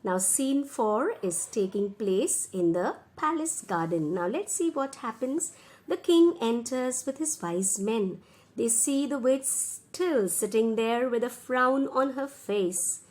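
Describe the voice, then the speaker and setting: A patient Indian English woman teaching a school story, reading each line and then calmly retelling it in plain words. Her voice sits a touch high and she takes her time. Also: takes it slowly. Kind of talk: slow classroom explanation of a story.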